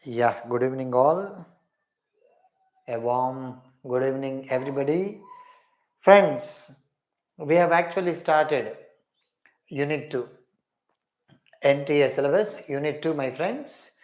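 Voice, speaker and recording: A man's voice: mid-range voice, takes it slowly, pauses often. A man teaching English literature in a live online class, repeating each question and praising every student's answer.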